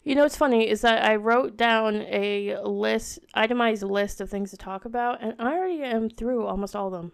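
A woman's voice: a little high, moderate pace, vocal fry, hardly any pauses. A woman in her thirties chatting casually on her own podcast, rambling and restarting, with lots of filler words. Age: 30s. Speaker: podcast host. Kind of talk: casual solo podcast chat.

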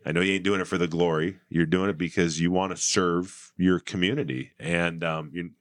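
A man's voice: deep voice, steady tone, normal speed, no echo, studio quality. A middle-aged man talking earnestly as a podcast guest, rambling with fillers and restarts. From United States. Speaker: political candidate and guest. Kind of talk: casual podcast conversation.

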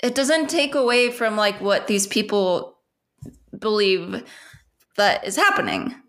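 A woman's voice: medium pitch, very animated, unhurried, fairly bright tone. Rambling young woman, swearing casually. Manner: rambling, heavy filler "like", frequent swearing and laughs. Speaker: podcast co-host. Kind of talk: casual chat.

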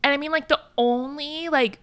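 A woman's voice: high-pitched, fairly even intonation, moderate pace, no room sound. A woman co-hosting a podcast, talking casually and emphatically about a movie, swearing often. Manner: emphatic, sweary, reacts loudly. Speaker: podcast co-host.

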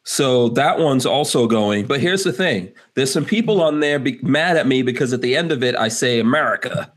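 A man's voice: medium pitch, animated, moderate pace. A man hosting a casual podcast chat, rambling loosely and laughing often. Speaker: podcast host.

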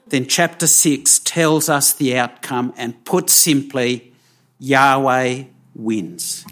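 A man preaching a sermon, slow and emphatic, with dramatic pauses. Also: mid-range voice, a bit bright.

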